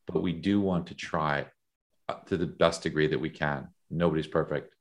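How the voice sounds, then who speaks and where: Very deep-voiced, reflective man. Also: steady tone. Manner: reflective, measured, many fillers. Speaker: guest, author. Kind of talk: conversational interview.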